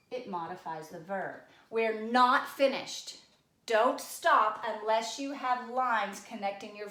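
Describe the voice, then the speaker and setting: A woman's voice: fairly high pitch, a bit bright, roomy sound. A woman teacher giving a recorded grammar lesson, coaxing and addressing her class directly.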